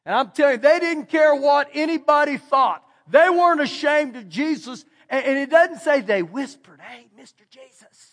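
High-voiced Texan preacher in a reverberant hall. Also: male voice, expressive, moderate pace, few pauses. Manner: preaching with emphatic repetition and shifts between loud and quiet. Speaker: pastor. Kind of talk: sermon. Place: church sanctuary. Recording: church hall with long reverb.

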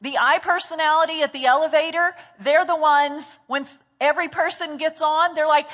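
A woman pastor teaching a church class, lively, often slipping into chatty voices for the people she describes. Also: high voice, normal speed, hardly any pauses, in a large hall. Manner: animated, acts out chatty voices in quotes.

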